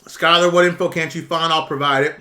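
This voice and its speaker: A man's voice: on the high side, fairly even intonation, brisk, bright, forceful tone. A middle-aged man, ranting bluntly and with profanity on his own live stream while answering viewers. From United States. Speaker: YouTube currency commentator. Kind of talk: casual livestream rant.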